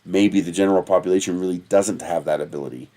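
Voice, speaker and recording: Deep and warm, his voice moves fast as he hosts a laid-back livestream. He drifts from tangent to tangent, cursing freely and chuckling at his own tales.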